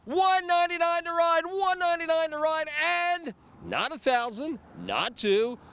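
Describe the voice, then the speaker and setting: A man's voice: extremely high pitch, expressive, normal speed, a bit bright. A man hosting a TV car ad who eagerly feeds leading questions to a dealer and repeats the key phrases. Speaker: ad host. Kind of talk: infomercial hype interview.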